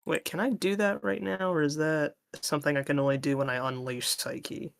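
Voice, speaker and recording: A man's voice: fairly high pitch, steady tone, normal speed, gravelly, fairly bright tone. A man playing a tabletop game, hesitant and fumbling, stopping often to think. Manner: hesitant, fumbling, full of ums. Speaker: player. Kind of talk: casual tabletop game chat.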